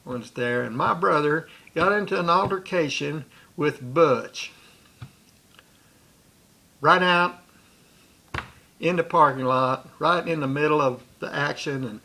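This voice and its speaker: A man's voice: on the high side, takes it slowly, creaky, long pauses, pushed and bright. A man recounting a personal memory in a rambling way, with restarts and asides. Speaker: storyteller.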